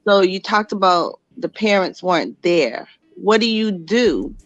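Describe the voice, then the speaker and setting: A woman's voice: mid-range voice, lively intonation, measured pace, no echo, dull audio, faint music behind. Woman steering the panel with questions. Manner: direct, steering the talk with questions. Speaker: podcast panelist. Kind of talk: casual podcast chat.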